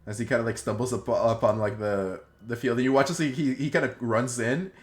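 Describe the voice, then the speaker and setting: A man's voice: medium pitch, steady tone, brisk. A man narrating as game master of a tabletop game, rambling with many fillers and restarts.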